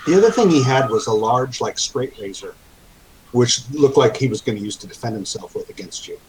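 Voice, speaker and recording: A man narrating as game master of a tabletop game, halting often with fillers and restarts. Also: medium pitch, expressive, poor audio.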